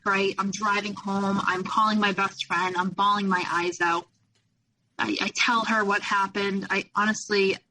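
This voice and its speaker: A young woman with a bright, clear voice tells a personal story as a podcast guest. Her talk rambles and is full of fillers and restarts. She sits a little back from the microphone. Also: mid-range voice, recorded from a distance, rough recording. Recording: voice a little off-mic.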